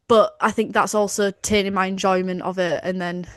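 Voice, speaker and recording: A woman's voice: medium pitch, little pitch movement, brisk, clean tone, dry recording, studio quality. A woman co-hosting a podcast, reviewing bluntly and casually, swearing freely. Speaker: podcast co-host.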